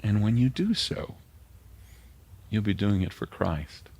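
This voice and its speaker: In a slow, gravelly, darkish voice pitched lowish, an older pastor preaches with big swings in pitch. Earnest and emotional, he lowers himself to a whisper when the sermon grows tender.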